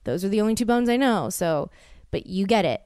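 American woman in her 30s rambling thru a story, lots of "like", smooth clear voice, super dry close sound. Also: medium pitch, lively intonation, a little fast, a little mellow, dry recording. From United States. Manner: rambling, heavy use of "like", stammering restarts. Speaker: podcast host. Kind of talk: casual storytelling monologue.

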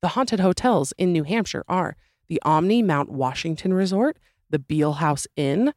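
A woman podcast host with a sore throat reads listener stories and wanders into joking, self-deprecating tangents. Her voice sits low for a woman and is recorded close and dry. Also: expressive, moderate pace, darkish tone, dry recording. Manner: chatty, rambling asides and self-deprecating jokes. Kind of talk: casual podcast chat and story reading.

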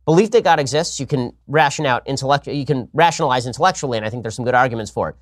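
Wry, fast-talking host, dry studio sound. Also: male voice, mid-range voice, no echo. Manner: talkative, frequent restarts, wry. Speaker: podcast host. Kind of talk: casual Q&A monologue.

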